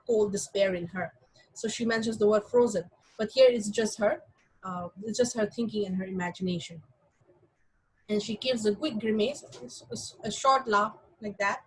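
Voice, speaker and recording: A woman's voice: on the high side, husky, low-quality recording. A woman teaching an English class, reading a story and explaining it, often checking in with her students.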